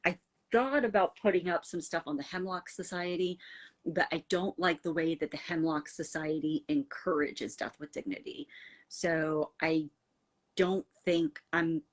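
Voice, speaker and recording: A middle-aged woman from the United States with a low voice hosts a casual livestream. She rambles warmly and earnestly, leaning on fillers as she responds to viewers' comments. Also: steady tone, unhurried. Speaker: livestream host.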